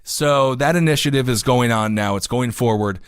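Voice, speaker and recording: Here a man speaks in a clean mid-range voice at normal speed, co-hosting a laid-back political talk podcast from his New York City home studio. The sound is studio quality with no room tone, and he reads news aloud, drifting into jokey tangents and turning worked up and forceful.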